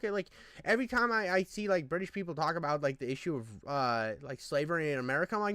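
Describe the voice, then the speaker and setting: A man's voice: on the high side, expressive, a little fast, bright, forceful tone, clear, resonant tone, no echo. A young man reacting to a video in a heated, profane rant, full of fillers and restarts. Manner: profane, ranting, exasperated, lots of fillers. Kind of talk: heated casual commentary.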